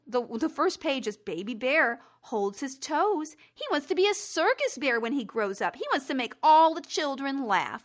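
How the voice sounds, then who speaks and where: A woman hosting a rambling solo podcast, animated and self-mocking, slipping into silly voices. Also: a little high. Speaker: podcast host. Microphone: computer recording.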